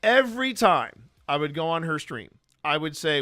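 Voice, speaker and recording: A man's voice: a little high, big pitch swings, moderate pace, sharp tone. A man, a paranormal investigator host, casually telling rambling stories with many restarts. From American South. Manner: rambling, frequent restarts and fillers. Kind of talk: casual storytelling Q&A.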